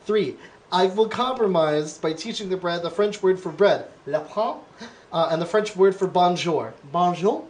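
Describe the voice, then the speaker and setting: A man's voice: sits high, moderate pace. A man hosting a casual comedy podcast, playfully reading quiz questions aloud and quizzing his guests. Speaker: podcast host.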